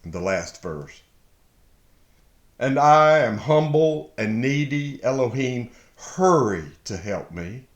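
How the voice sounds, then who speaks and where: A man slowly reading and explaining a Bible psalm, halting often, then bursting into excited shouts. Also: medium pitch. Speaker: Bible teacher. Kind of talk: casual verse-by-verse Bible reading and commentary. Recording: echoey room.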